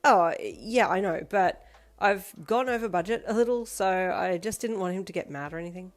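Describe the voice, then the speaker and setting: A woman voicing a playful, energetic teenage girl who talks loudly and teases. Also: medium pitch, normal speed, lightly acted. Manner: bright, loud and teasing.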